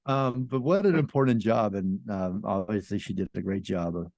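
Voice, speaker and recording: A man's voice: lowish voice, normal speed, a little mellow, no echo, dull audio. A man hosting a talk show, asking questions with easy enthusiasm and curiosity. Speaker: podcast host. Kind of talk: casual interview chat.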